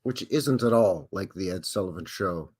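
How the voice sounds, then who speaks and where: A man's voice: sits low, animated, moderate pace, darkish tone, husky. A Canadian man hosting a live stream in a folksy, jokey way, greeting chatters by name. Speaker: livestream host. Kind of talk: casual live-stream chat.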